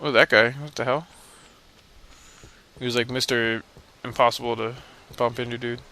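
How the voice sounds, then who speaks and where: A man's voice: mid-range voice, flat delivery, normal speed, sharp tone, slight background noise. A young man hosting a let's play, giving casual, rambling gameplay commentary in a joking, self-mocking way.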